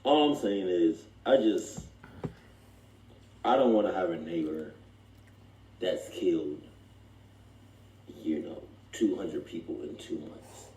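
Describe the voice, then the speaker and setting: A man's voice: low-pitched, mellow, a little hiss or hum. A man co-hosting a reaction video in casual chat, rambling and restarting his sentences. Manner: rambling, halting, restarts often. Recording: echoey room.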